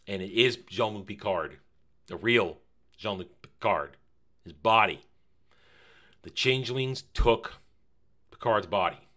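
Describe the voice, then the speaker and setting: Bright-voiced, emphatic man reviewing a show. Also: fairly low pitch. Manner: animated and emphatic, fond of repeating phrases; casual, with mild swearing. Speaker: TV series reviewer. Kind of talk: casual review commentary.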